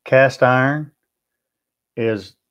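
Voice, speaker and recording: A man's voice: medium pitch, extremely slow, a bit bright, dull audio. A man with a Southern US accent hosting a barbecue livestream, chatting in a friendly way and answering viewer comments one by one. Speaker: BBQ channel host. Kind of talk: livestream chat.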